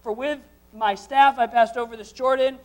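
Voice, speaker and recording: A man's voice: very high voice, steady tone, normal speed. A man leading a church congregation, reading scripture aloud and then preaching with rising intensity. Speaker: pastor. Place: church service before a congregation.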